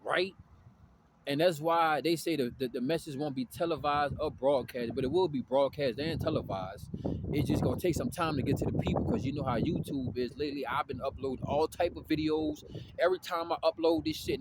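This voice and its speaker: A young man tells a long story in loose, profane street slang, often circling back and restarting his sentences. His voice sits a little high for a man. Steady background noise runs underneath the recording. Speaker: vlogger. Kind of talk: casual storytelling monologue. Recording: noisy background.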